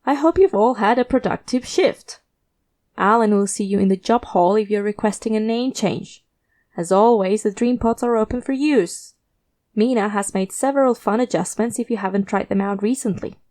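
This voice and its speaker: A woman's voice: medium pitch, moderate pace, a little mellow, natural voice. A woman reading a story aloud and voicing a nasal, gleeful, fawning man in a roach mask. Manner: gleeful, fawning, lip-smacking. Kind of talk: audio drama reading.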